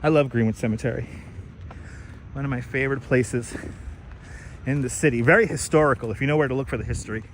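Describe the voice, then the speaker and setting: A man's voice: mid-range voice, fast talker, long pauses, a little hiss or hum. A man hosting a casual outdoor live stream while walking, reading out and thanking viewers' comments, recorded on a wireless clip-on mic. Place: outdoors on city streets and in a park.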